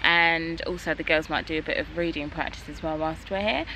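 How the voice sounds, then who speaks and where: A woman's voice: deep voice, fairly even intonation, brisk, bright, forceful tone, slight background noise. A woman in her thirties hosting a family vlog, cooing and sing-song as she talks to her baby. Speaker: vlog host, mother. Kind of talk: casual family vlog chat.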